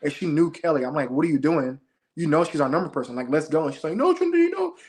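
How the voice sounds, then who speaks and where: A young man, a former game show contestant, retelling his experience as an interview guest in an excited, fast-moving casual chat. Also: on the high side, slight background noise. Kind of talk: animated storytelling in casual chat.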